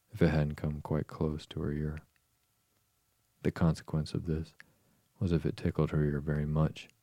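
A man reading a storybook aloud slowly and softly to lull listeners to sleep. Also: a bass voice, no room sound. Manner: slow, soft, soothing reading. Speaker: podcast host, bedtime reader.

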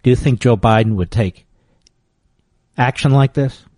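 A man's voice: medium pitch, a little slow, a little mellow, no room sound. Combative male talk radio host. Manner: combative, emphatic, scornful. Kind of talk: political talk radio commentary.

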